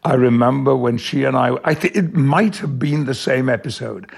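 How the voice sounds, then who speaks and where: An older man with an English accent, an actor answering interview questions in a measured, emphatic way. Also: medium pitch, vocal fry, slightly rough. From England. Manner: measured, warmly emphatic, slows on key words. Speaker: guest, actor.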